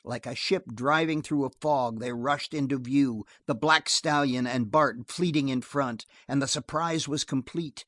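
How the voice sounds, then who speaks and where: A man reading a western novel aloud as an audiobook narrator, steady and measured. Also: medium pitch, dry recording, clean studio sound.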